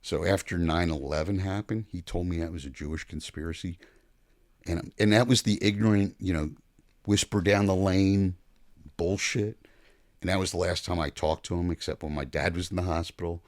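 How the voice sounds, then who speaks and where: An older man, a podcast guest, telling stories in a blunt, profane, animated way. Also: low voice, normal speed, dry recording, clean studio sound. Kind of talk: casual storytelling chat.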